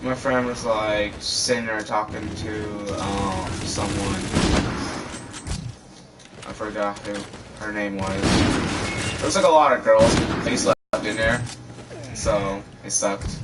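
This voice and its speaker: A man's voice: fairly low pitch, slow, long pauses, over loud music. A teenage boy vlogging, telling a rambling personal story full of fillers, cursing and restarts. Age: teens. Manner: loose, filler-heavy, cursing, self-interrupting. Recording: distant mic, loud gunfire noise.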